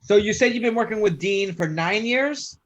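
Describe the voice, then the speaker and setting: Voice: mid-range voice, lively intonation, normal speed, lo-fi sound. A podcast co-host who jokes and teases the guest in casual chat. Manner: joking, teasing.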